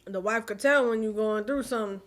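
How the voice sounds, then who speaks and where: A woman's voice: fairly high pitch, brisk, faint music behind. A young woman hosting a reaction video, chatting casually and talking back to the screen. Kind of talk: casual film commentary.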